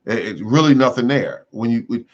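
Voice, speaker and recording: A man's voice: mid-range voice, expressive, normal speed. A man hosting a casual gardening livestream, rambling and repeating himself with many fillers. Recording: dull lo-fi sound.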